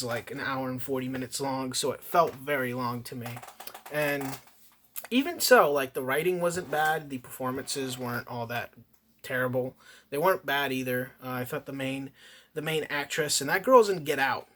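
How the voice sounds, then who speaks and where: Bright-voiced swearing movie reviewer man. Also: fairly high pitch. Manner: profane, ranting, heavy swearing; rambling with frequent restarts. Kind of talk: casual rambling review.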